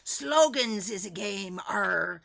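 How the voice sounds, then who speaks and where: A woman's voice: mid-range voice, a little slow, creaky, a crowd in the background. A woman hosting an online improv show, chatty and jokey.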